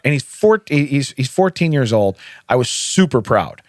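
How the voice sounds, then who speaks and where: A man's voice: medium pitch, expressive, moderate pace, dry recording, studio quality. A middle-aged man hosting a podcast, telling anecdotes in casual chat and acting out the quotes. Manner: easygoing storyteller, acts out quotes. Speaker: podcast host.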